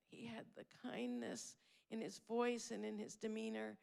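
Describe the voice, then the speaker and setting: A woman's voice: fairly high pitch, flat delivery, moderate pace, creaky, a little mellow. A woman giving a candid, heartfelt spoken tribute at a memorial; she is blunt and swears freely. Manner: heartfelt and emotional. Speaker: eulogy speaker at a memorial.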